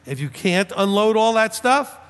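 Man, rabbi, sermon, high voice, long hall reverb. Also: animated, moderate pace. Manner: emphatic, rhetorical questions, mocking imitations of critics. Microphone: preaching without notes, standing.

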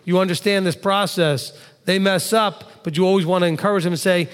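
A man teaching through scripture in a sermon with a notably high-pitched voice. He talks in a conversational way and turns often to speak straight to his listeners. The sound rings with the long reverb of a large hall. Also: fairly even intonation, fairly quick, clear, resonant tone. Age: adult father of two. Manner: conversational, addresses listeners directly with asides. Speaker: pastor.

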